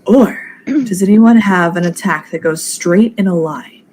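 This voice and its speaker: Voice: mid-range voice, unhurried, a little mellow, a little hiss or hum. A chatty, giggly player in a tabletop game who asks questions and plans moves. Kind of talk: casual tabletop play.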